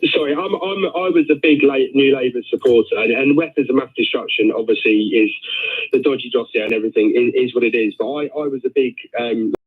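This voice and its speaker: A man in his thirties calls in to a radio show and lays out his argument calmly. His voice is husky. It comes through a tinny phone line. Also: mid-range voice. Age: 30s. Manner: thoughtful, measured argument. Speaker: caller.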